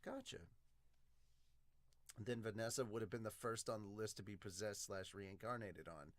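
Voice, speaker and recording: A man's voice: on the low side, steady tone, moderate pace, no room sound. A man hosting an anime podcast, casually reading out viewer comments and chatting, swearing and laughing easily.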